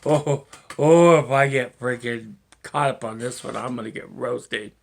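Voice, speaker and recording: A man's voice: medium pitch, a little slow, creaky. A man rambling through a solo vlog monologue, swearing often and chuckling to himself. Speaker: vlogger.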